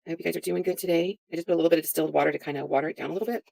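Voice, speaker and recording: Chatty craft lady, gravelly fry in her voice, dry close sound, talks thru every step. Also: fairly low pitch, steady tone, very fast, warm tone, no echo. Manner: chatty, talks through each step with filler words. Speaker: craft vlogger. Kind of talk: casual crafting tutorial.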